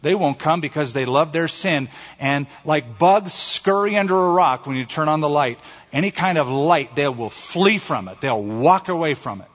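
Pastor guy preaching, lively voice, echoey church, muffled lo-fi sound. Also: on the high side, normal speed. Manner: earnest, expressive preaching. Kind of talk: sermon. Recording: long hall reverb, dull lo-fi sound.

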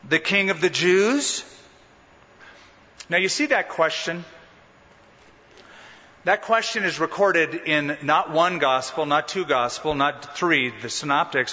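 A man's voice: a little high, pushed and bright. A pastor preaching an expository sermon with emphatic, dramatic rises and drops in his voice. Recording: dull sound in a large reverberant hall.

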